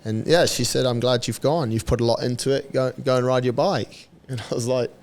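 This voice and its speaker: A man's voice: medium pitch, steady tone, a little fast, a little mellow. Chatty man telling a story. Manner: chatty, laughs often, swears, acts out quoted dialogue. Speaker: podcast guest. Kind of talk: casual conversational storytelling.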